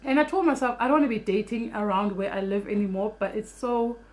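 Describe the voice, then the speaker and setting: A young woman vlogging casually, telling a story fast and animatedly with free swearing. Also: medium pitch.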